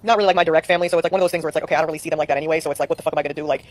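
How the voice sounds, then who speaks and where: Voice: mid-range voice, steady tone, racing, dry recording. A streamer in casual chat, rambling and swearing a lot.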